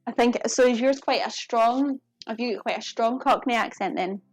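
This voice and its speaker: A woman's voice: fairly high pitch, normal speed, dry recording, soft background music. A woman from the UK chatting casually with viewers while cooking in a kitchen, giggling often. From United Kingdom. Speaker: cooking streamer. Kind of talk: casual live-stream chat while cooking. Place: home kitchen.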